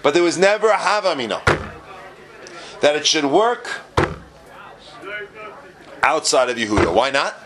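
Man, Talmud teacher, lively lecturing, slightly higher voice. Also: unhurried, pauses often, noisy background. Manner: animated, questioning, Yiddish-Hebrew terms.

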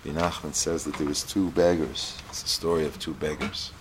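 A man giving a storytelling Torah lesson, reading Hebrew lines and explaining them in English, with lively character voices. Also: rumbling low, a little fast, noisy background.

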